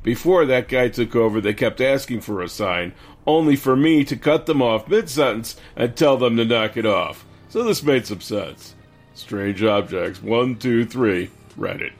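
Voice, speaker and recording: A man reading stories aloud on a casual podcast at a middling pitch. He keeps a steady storytelling pace. Soft music sits faintly underneath. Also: a little slow.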